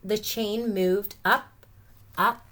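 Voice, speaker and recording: A woman teacher reading a picture book aloud to children, expressive with gentle asides. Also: medium pitch, very slow.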